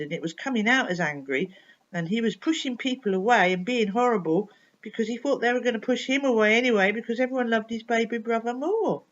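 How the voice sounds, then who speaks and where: A woman telling a children's story expressively, asking her listener questions along the way. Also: mid-range voice. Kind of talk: bedtime story reading for children. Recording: dull lo-fi recording.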